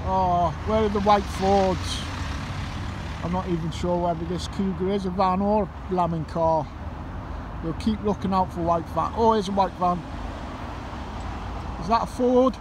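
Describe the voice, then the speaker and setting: A man's voice: high voice, steady tone, unhurried, pauses often. A man vlogging outdoors by a roundabout while he waits, grumbling, swearing and making up rhymes. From Ireland. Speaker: metal detecting vlogger. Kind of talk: casual vlog monologue. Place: outdoors by a roundabout near a petrol station. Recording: faint traffic noise outdoors. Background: passing traffic.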